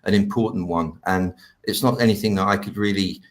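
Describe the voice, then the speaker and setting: Low-voiced man telling a lively story. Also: fairly quick, roomy sound. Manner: animated, acts out quoted speech with dropping, hushed tones. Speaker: guest healer. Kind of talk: anecdotal storytelling on a live stream.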